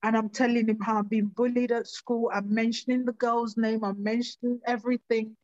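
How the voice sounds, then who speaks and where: A woman giving halting, emotional personal testimony in an interview. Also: a little high, little pitch movement, a little mellow, no room sound, lo-fi sound. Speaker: interview guest.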